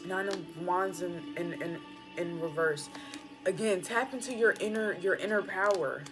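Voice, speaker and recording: A woman's voice: lowish voice, measured pace. A woman giving a casual, slangy spiritual pep talk while reading tarot cards. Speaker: tarot reader. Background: background music.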